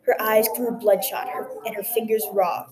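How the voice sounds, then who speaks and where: A woman telling a folktale aloud in a gentle, expressive narrating voice. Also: medium pitch, moderate pace, a crowd in the background, rough recording. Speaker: storyteller. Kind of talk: folktale reading.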